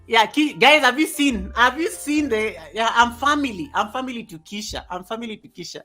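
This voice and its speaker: An animated male live stream host. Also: very high voice, moderate pace, faint music behind. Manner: animated, reads chat comments aloud, chuckles often. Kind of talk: casual live stream chat. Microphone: USB desk microphone.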